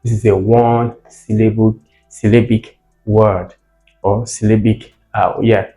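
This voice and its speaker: A man's voice: on the low side, warm tone. A man teaching vowel sounds for exam prep, who repeats each sound and word for practice and checks on the viewer. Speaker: English teacher. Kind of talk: exam-prep phonetics lesson. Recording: roomy echo with faint music.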